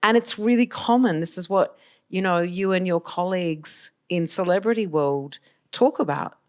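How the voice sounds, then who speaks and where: A woman interviewing a guest on stage, encouraging and quick to laugh along. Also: fairly low pitch.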